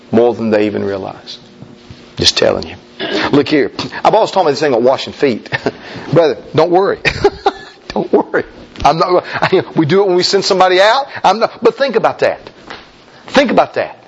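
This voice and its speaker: A pastor delivers a folksy, emphatic sermon, pressing his points hard. His man's voice sits a little high. The recording is dull and lo-fi, with faint noise underneath. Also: fairly bright tone. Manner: folksy, emphatic preaching, mimics objectors in a high voice.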